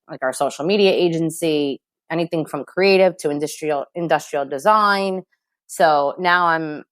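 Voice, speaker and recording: A woman's voice: deep voice, clear, resonant tone, no room sound, clean studio sound. A woman from Queens, chatting as a guest in an interview over a video call. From Queens, New York City. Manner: chatty, lively storyteller with fillers. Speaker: company executive guest. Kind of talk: casual interview chat.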